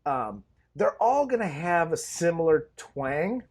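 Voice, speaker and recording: Enthusiastic man with a higher voice. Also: sing-song, slow pace. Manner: enthusiastic, laughing, profane. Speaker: podcast co-host. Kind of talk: casual movie review chat.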